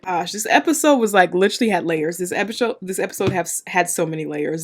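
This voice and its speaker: A woman's voice: lowish voice, lively intonation, fast talker, few pauses. A woman hosting a reaction video, talking casually in an emotional, exclamatory way with plenty of slang.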